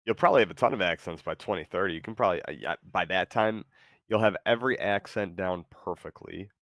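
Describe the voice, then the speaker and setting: Deep-voiced man chatting haltingly. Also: a bit bright, no room sound, studio quality. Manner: halting, full of fillers and restarts. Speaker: streamer host. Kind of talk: casual stream chat.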